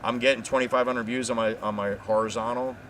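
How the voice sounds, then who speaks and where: This livestream guest from New Jersey talks quickly in a mid-range voice, with a little hiss or hum behind him. His storytelling is loose, profane and lively as he wanders from tale to tale.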